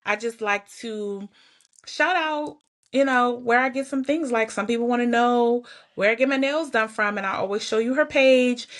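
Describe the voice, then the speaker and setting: Chatty woman fighting back tears. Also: a little high. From Georgia, US. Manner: chatty, candid, laughs and sighs often. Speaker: podcast host. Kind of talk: casual personal vlog talk.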